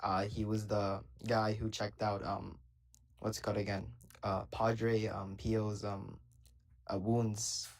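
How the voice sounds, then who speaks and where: A man's voice: fairly low pitch, flat delivery, slow, creaky, low-quality recording. A young man calling into a live debate, talking casually and hesitantly with lots of fillers. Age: young adult. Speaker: caller.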